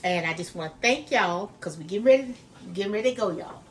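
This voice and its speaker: A woman's voice: medium pitch, lively intonation, quick pace. A woman chatting folksily to her viewers as she cooks in her home kitchen. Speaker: cooking vlogger. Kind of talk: casual cooking demo chat. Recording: noisy home recording.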